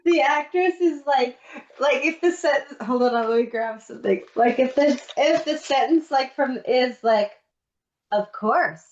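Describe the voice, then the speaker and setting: A woman co-hosting a podcast in casual chat, telling lively stories and acting out what people said. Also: sits high, a little slow, slight background noise. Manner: lively storyteller who acts out quotes. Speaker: podcast co-host. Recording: dull lo-fi recording.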